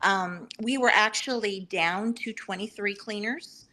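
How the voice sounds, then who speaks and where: A woman's voice: mid-range voice, a little slow, pushed and bright. A woman from Georgia, an eager podcast guest who halts with fillers. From Savannah, Georgia. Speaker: podcast guest, business owner. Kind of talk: casual interview talk.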